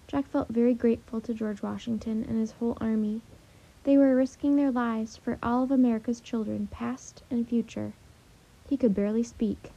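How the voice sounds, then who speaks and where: A woman narrating a children's chapter book calmly and gently. Her voice is breathy and soft-toned. The recording sounds muffled and lo-fi. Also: a little high, normal speed. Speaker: storyteller. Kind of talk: children's book read-aloud. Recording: dull lo-fi audio.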